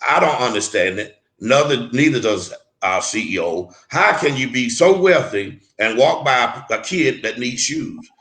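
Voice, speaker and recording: A man's voice: medium pitch, expressive, unhurried, few pauses, fairly bright tone, echoey room, rough recording. A man interviewed as a mentor, talking earnestly and emphatically, often restarting and repeating words. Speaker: guest mentor.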